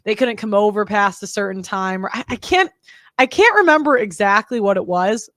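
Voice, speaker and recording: A woman's voice: medium pitch, lively intonation, moderate pace, fairly bright tone, no room sound, studio quality. A woman hosting a reaction show, talking in a candid, blunt way that rambles and interrupts itself. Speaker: host. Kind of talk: reaction commentary.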